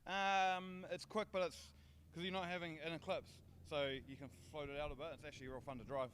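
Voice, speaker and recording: Laid-back Kiwi driver, short answers. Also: male voice, fairly high pitch, flat delivery, fairly quick, a bit bright, slight background noise. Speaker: drift driver. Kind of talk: casual interview. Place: outdoors at a racetrack.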